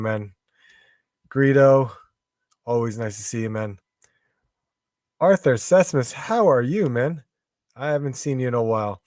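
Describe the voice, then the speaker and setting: Casting: weary male streamer with a hoarse edge, unhurried delivery, dry close sound. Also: mid-range voice, no echo. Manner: rambling, greets chat viewers by name. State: tired, voice going hoarse. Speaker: live stream host. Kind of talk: casual live stream chat.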